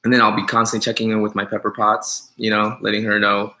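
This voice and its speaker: A man's voice: on the low side, completely flat delivery, fast, pushed and bright. A man who is a dog groomer, chatting on a live stream, joking and teasing viewers as he rambles with many fillers.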